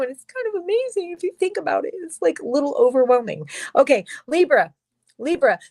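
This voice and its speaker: A young adult woman does a livestream tarot reading, speaking emphatically, swearing freely, and addressing viewers directly. Her voice is fairly high, recorded in a dry, deadened room with no room sound.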